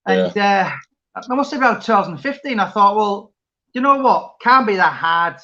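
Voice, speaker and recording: A man's voice: high-pitched, lively intonation, normal speed, vocal fry, bright, forceful tone, muffled recording. A man chatting casually as interviewer, rambling with many restarts. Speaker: interviewer and author. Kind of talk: casual chat.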